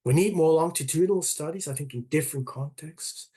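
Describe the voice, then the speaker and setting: A man's voice: on the high side, fairly quick, dark tone, slightly rough. A man presenting his research on a video call, explaining at length with frequent fillers and restarts. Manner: hesitant, many restarts and fillers. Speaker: academic presenter. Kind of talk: online conference talk and Q&A.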